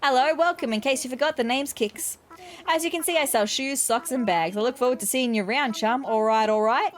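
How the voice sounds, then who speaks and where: A woman's voice: high voice, fairly quick, lightly acted. A woman doing a cheerful shoe-shop keeper. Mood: welcoming.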